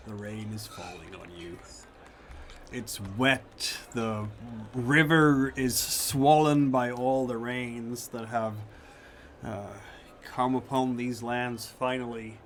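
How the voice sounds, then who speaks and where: A man narrating as game master of a tabletop game, describing scenes in slow, halting sentences with fillers. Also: medium pitch, a little hiss or hum.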